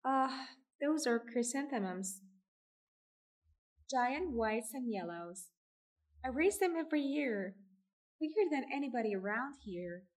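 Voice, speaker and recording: A woman's voice: on the high side, animated, slow pace, pauses often, recorded from a distance, pitched above the performer's own voice. A woman reading aloud, voicing a reserved farm wife who answers shortly and firmly. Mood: proud. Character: guarded farm wife, proud gardener.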